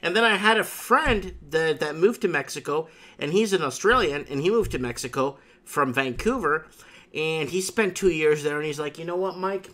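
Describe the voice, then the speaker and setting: A slightly higher-voiced man hosts a casual talk show, telling stories with plenty of emphasis and repetition. He keeps circling back to the same phrases as he talks a guest through his point. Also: expressive, moderate pace, sharp tone. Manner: emphatic storytelling with repeated catchphrases. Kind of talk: casual chat.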